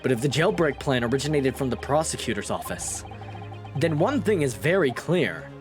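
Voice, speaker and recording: A man's voice: medium pitch, sing-song, normal speed, over music, close to an everyday voice. A man voicing an earnest, eager young male defense lawyer, pressing hard with a raised voice.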